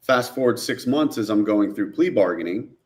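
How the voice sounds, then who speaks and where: Speaking at a normal pace in a lowish voice, this film director from New Jersey recounts his own story as an interview guest. It's an animated retelling where he performs the people he's quoting.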